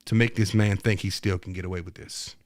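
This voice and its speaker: A man's voice: low-pitched, steady tone, brisk, no room sound. A man hosting a podcast from his home studio, giving a heated, profane commentary in an emphatic voice. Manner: profane, heated and emphatic, rising to near-shouting; subdued, hesitant and soft-spoken. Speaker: podcast host. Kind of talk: angry commentary rant. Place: home dining room studio.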